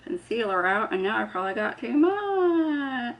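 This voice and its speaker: Doing her makeup at a normal pace, a beauty vlogger talks in a fairly high, sing-song voice. Her get-ready-with-me chat is casual, walking through every step with some self-mockery.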